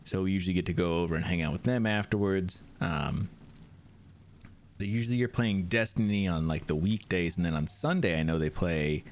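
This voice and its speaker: A man's voice: low-pitched, brisk. A man streaming a video game, chatting casually and rambling with lots of restarts. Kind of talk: casual chat.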